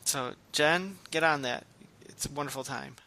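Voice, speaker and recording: A man co-hosting a podcast in casual chat, low-key and exhausted, rambling and restarting his sentences. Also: normal speed, sharp tone. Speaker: podcast co-host.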